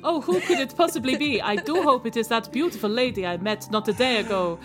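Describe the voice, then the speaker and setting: A woman voicing a tall, handsome young man who is gentle and sheepish, speaking in an overly polite, flustered way during a tabletop game. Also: fairly low pitch, expressive, moderate pace, faint music behind, lightly acted. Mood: mock surprise.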